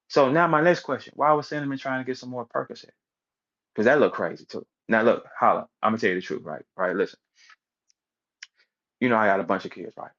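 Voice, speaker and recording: A man in an online audio room launches into a heated, profane casual rant, telling animated stories and acting out other people's voices. His medium-pitched voice moves fairly quickly with frequent pauses. The stream sounds dull and lo-fi.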